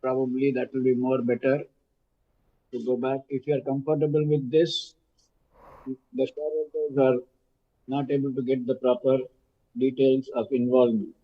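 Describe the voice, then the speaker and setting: An Indian man speaking as a shareholder over a video call, making measured, formal suggestions. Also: medium pitch, flat delivery. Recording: dull lo-fi call audio.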